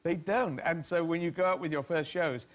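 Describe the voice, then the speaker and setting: With a slightly high voice at normal speed, a middle-aged English man appears as a comedian guest on a talk show. His anecdotes ramble, and he often breaks off mid-story to laugh.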